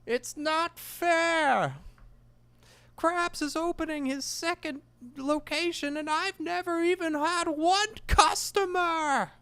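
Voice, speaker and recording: A man's voice: very high-pitched, takes it slowly, bright, forceful tone, no echo, voice pushed up, full character voice. A man putting on the voice of a tiny, scheming male cartoon villain, whiny and theatrical.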